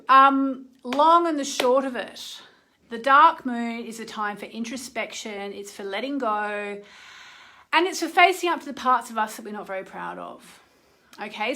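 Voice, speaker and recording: A woman's voice: fairly high pitch, a bit bright. A middle-aged woman astrologer hosting a live session from her phone, talking in a chatty way and often checking in with "okay?". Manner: chatty, keeps asking "okay?". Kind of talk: live-streamed talk and guided meditation.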